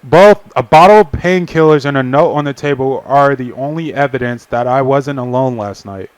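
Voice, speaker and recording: A man's voice: medium pitch, moderate pace, dry recording. A young man casually reading a visual novel aloud on a stream, with profane asides. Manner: casual, swearing, laughing asides.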